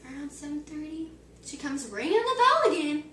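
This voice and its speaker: A high-voiced teenage girl rambles her way through a long joke, packing it with "like" as she acts out each line. She sounds far from the mic in an echoey room with loud background noise. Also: very animated, normal speed. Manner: chatty, filler-heavy storytelling. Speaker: joke teller. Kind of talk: rambling joke telling among friends.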